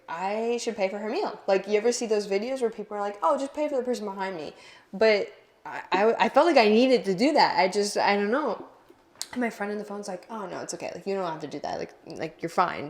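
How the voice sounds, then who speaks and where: Young woman, podcast co-host, casual chatty storytelling, filler-heavy, middle pitch. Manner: rambling storyteller, heavy use of "like". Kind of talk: casual chat.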